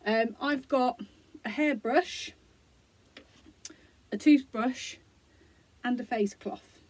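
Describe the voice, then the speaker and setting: A woman explaining, gently and encouragingly, how parents can use a song for self-care routines, with many fillers. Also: fairly high pitch, drawn-out words. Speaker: early years support practitioner. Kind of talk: instructional video for parents.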